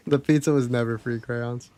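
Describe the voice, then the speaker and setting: A young male livestreamer with a medium-pitched, slightly mellow voice tells stories from his life to a live chat. He's chatty and candid, swearing freely.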